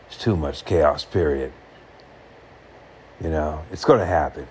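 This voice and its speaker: A man talking earnestly to the camera in short, halting phrases, reflecting on happiness. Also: rumbling low, a little mellow, slight background noise.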